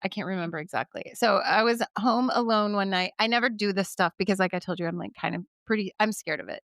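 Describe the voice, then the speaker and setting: A woman co-hosting a spooky podcast, talking in a hesitant, soft-spoken way with many fillers. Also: mid-range voice, fast talker, no echo, studio quality. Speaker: podcast co-host. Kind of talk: casual chat.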